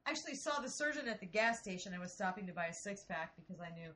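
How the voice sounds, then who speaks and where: A woman in her forties from Ohio, telling a story in casual, profane, animated chat. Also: medium pitch, fast. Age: 40s.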